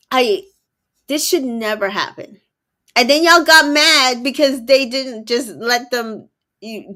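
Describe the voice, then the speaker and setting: A woman's voice: on the high side, pushed and bright. A woman who is a mother of two boys, co-hosting a casual recap chat, summarizing events with many ums and exasperated asides. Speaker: co-host.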